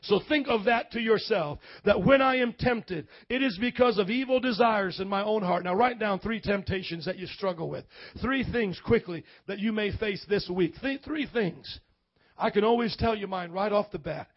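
Male pastor, high-pitched, loud colloquial sermon delivery with shouted peaks, dull lo-fi recording. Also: moderate pace, no room sound. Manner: loud, preaching with rising shouts; casual, colloquial preaching with call-and-response asides. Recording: dull lo-fi audio.

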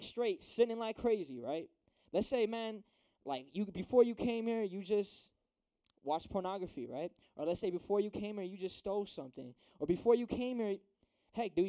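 A man's voice: high-pitched, warm tone. A young man giving a casual youth sermon, slangy and chatty, often checking in with "right?". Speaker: youth preacher.

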